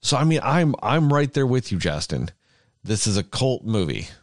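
A man's voice: mid-range voice, big pitch swings, moderate pace, no echo, studio quality. A man co-hosting a film review podcast, talking emphatically and sardonically. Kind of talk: casual film review chat.

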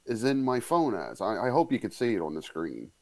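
A man telling a story in casual chat, relaxed and rambling, with halting restarts. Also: on the low side, no echo.

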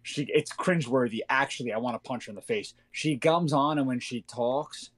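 A man co-hosting a casual podcast, ranting in animated, fast bursts. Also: mid-range voice, husky. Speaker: podcast co-host. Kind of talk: casual chat.

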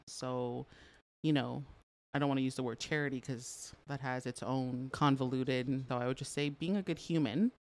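A middle-aged woman from Canada chatting as an interview guest, telling stories with lots of fillers and laughs. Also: rumbling low. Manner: animated storyteller, frequent fillers, laughs often. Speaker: podcast guest. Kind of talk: casual interview chat.

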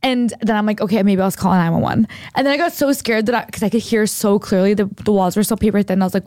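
On a podcast, a young woman rambles through a long, animated story, saying "like" constantly. Her voice sits at medium pitch and moves quickly, recorded in a dry studio with no room sound.

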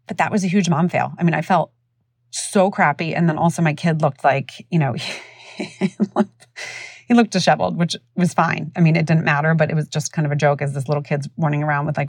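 Low-voiced woman telling a podcast story. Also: dry recording, studio quality. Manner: animated, acts out voices of others. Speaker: podcast host. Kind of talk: casual storytelling.

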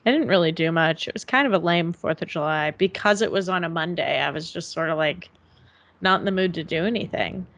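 A young woman co-hosting a podcast in casual chat, relaxed and rambling with lots of fillers. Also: lowish voice, brisk. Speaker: podcast co-host.

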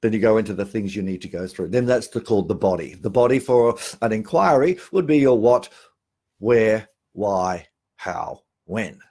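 A man's voice: lowish voice, lively intonation, normal speed, darkish tone, slightly rough. A middle-aged Australian man giving a sales training talk on phone calls, emphatic, repeating key phrases and often restarting sentences.

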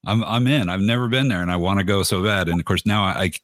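Deep-voiced, eager man on a dry mic. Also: fast talker, dry recording. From Los Angeles, US. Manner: eager, excitable talker. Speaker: podcast guest. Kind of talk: casual podcast chat.

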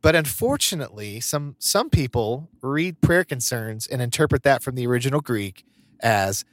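A man's voice: mid-range voice, expressive, normal speed, no echo, studio quality. A man co-hosting a podcast in casual chat, telling stories and laughing often. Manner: chatty storyteller, laughs often. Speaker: podcast co-host.

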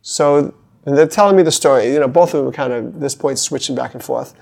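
A man's voice: mid-range voice, fast talker, vocal fry. A middle-aged man, a therapist, telling a client story in casual talk and animatedly acting out the people in it. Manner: animated, slips into the voices of the people in his stories.

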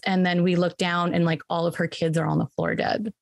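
A woman with a slightly low voice tells friends what happens in a movie, scene by scene. She drops in "like" and "um" all the time and acts out the characters' lines. The sound is dry and close, with no room echo. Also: little pitch movement, brisk, vocal fry. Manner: retells scenes with quoted voices, lots of "like" and "um". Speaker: movie recapper. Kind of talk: casual movie recap among friends.

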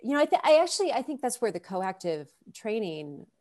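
A woman coach talking in a relaxed conversation; she sounds thoughtful and encouraging. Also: fairly high pitch, brisk. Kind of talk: casual conversation.

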